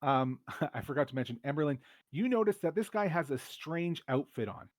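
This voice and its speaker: A man running a tabletop game as game master, explaining rules and scenes in a relaxed way with hesitant fillers. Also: a little high, normal speed, no room sound, studio quality.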